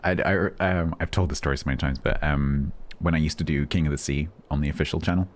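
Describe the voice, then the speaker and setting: Male streamer, very low voice, calm monotone, dry humor. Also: fast talker. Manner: steady, even-toned, dry self-deprecating. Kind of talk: casual live-stream chat.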